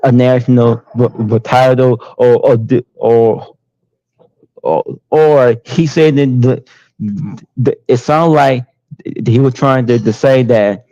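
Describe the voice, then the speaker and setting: A man on a football call-in show, speaking haltingly with many repeated words and pauses. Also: mid-range voice, fairly even intonation, mellow, no room sound, lo-fi sound. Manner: halting, many fillers and restarts. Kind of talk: casual call-in chat.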